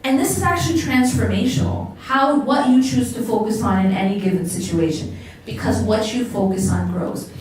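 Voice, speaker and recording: A woman's voice: fairly high pitch, normal speed, hardly any pauses, darkish tone, a little hiss or hum. An American woman giving a motivational religious lecture to a live audience, often asking the listeners questions and repeating words for emphasis. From United States. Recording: very echoey hall, distant mic.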